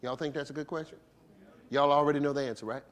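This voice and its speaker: Speaking fast in a slightly high voice with fairly even intonation, a man delivers a sermon as a bishop. He keeps it conversational and playful, with features, throwing rhetorical questions at the congregation and laughing between his points.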